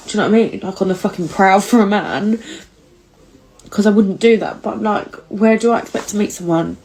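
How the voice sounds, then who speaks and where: A woman's voice: mid-range voice, fairly quick, a little mellow, rough recording. A young British woman, tearful, confessing her loneliness to camera in a candid vlog, swearing freely.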